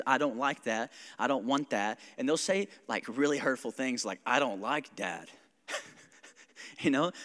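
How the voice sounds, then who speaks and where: A pastor preaching an animated sermon, laughing often and acting out his kids. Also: a little high, in a large hall.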